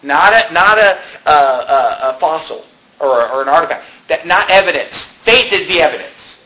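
A male pastor with a high, bright and forceful voice delivers an animated sermon, talking to the congregation in a conversational way and throwing out rhetorical questions. The sound is roomy, with faint background noise. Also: normal speed. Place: church.

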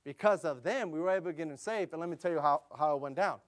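A man preaching a sermon, telling a missionary story in a loose, conversational way with many fillers, often turning loud and emphatic. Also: fairly high pitch, fast.

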